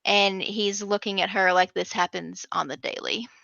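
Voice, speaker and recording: Woman game master; bright, chatty, dry lo-fi. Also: mid-range voice, steady tone, normal speed, gravelly, dry recording. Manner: chatty, many ums. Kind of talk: narrating a tabletop game.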